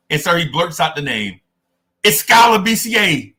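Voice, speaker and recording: Bright-voiced animated male podcast host. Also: high-pitched, normal speed. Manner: animated, digressive storytelling. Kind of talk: casual sports talk.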